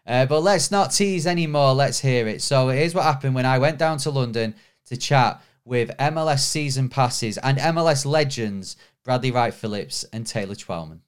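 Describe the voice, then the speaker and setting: A man's voice: medium pitch, lively intonation, normal speed, clear, resonant tone. A man hosting a football podcast, chatting casually and laughing easily. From United Kingdom. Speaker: podcast host.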